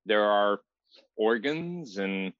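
Man, massage therapist guest, low voice, measured and explanatory, dull dry recording. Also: lively intonation, a bit bright, no room sound. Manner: measured, explanatory, some repeated words. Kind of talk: casual interview.

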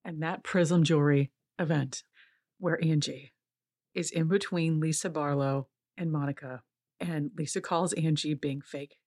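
A woman's voice: low voice, steady tone, a little slow, a little mellow, no room sound, studio quality. A woman hosting a podcast, giving a chatty, giggly recap of a reality show with playful asides. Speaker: podcast host. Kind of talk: casual reality-TV recap commentary.

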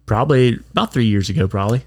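A man's voice: medium pitch, racing, slightly rough. A man co-hosting a podcast, telling a crude story in a blunt, casual way. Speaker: podcast co-host. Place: bar.

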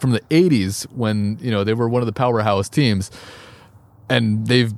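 A man's voice: lowish voice, moderate pace, gravelly, darkish tone. A man co-hosting a casual sports podcast, laughing easily and often hedging with "I mean.". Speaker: podcast co-host.

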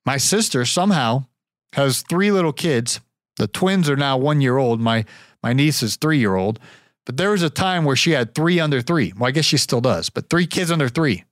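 A man talks solo on his podcast in a loose, rambling way, stumbling over words and chuckling to himself. His voice sits a little high for a man. The recording is close and dry, with no room sound. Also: expressive, normal speed, no echo. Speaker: podcast host.

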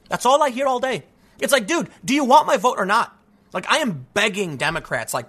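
A man's voice: sits high, sing-song, quick pace, pushed and bright. A man giving emphatic, argumentative political commentary, often restarting sentences and calling the listener "man". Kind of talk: opinion commentary reacting to news.

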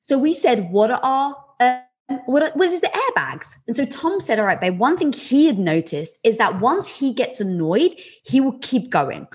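A woman with a bright, fairly high voice that leaps up and down as she talks. Her tone is breathy and a little husky, and her stories come out animated and candid, with casual swearing along the way. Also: normal speed, soft background music. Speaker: podcast guest. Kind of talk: candid conversational storytelling.

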